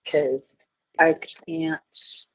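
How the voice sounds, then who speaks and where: A woman's voice: sits low, flat delivery, very slow, slightly rough, low-quality recording. A woman chemistry teacher giving a class lecture, chatty and self-deprecating, getting flustered by tech trouble.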